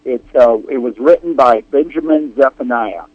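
A man's voice: medium pitch, moderate pace, darkish tone, slightly rough, dry recording. A man who is a regular poet guest on a radio talk show, speaking hesitantly with many restarts. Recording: lo-fi radio sound.

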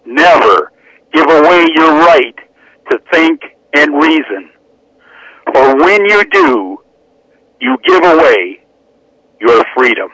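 Guy reading his poem slow and careful down a tinny phone line, lots of rise and fall. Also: on the high side, sing-song, bright, forceful tone, dry recording. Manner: slow, measured recitation. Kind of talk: poetry reading over the phone.

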